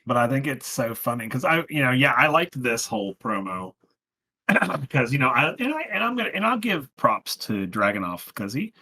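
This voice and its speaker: A man's voice: medium pitch, sing-song, normal speed, bright, forceful tone, slightly rough, poor audio. A man co-hosting a podcast, chatting earnestly and rambling, with many restarts. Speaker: podcast co-host. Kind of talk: casual wrestling recap chat.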